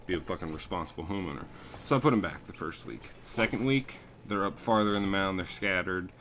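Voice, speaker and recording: A man's voice: deep voice, animated, a little fast, a bit bright, a little hiss or hum. A young man telling a story over gameplay, swearing and ranting in a casual way. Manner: profane, ranting. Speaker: landscaping crew leader.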